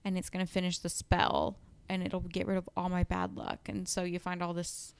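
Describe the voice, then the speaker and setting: Smooth-voiced young woman chatting casually. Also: fairly low pitch, flat delivery, normal speed. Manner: chatty, lots of "like" and "um", retelling book plots. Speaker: podcast co-host. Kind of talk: casual chat.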